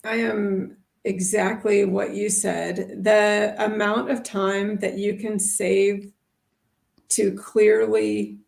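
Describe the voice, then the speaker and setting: Chatty woman with a gravelly edge. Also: mid-range voice, little pitch movement, slow pace, a little mellow. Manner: chatty, thinks aloud with many fillers. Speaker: ESL teacher and co-host. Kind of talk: casual livestream chat.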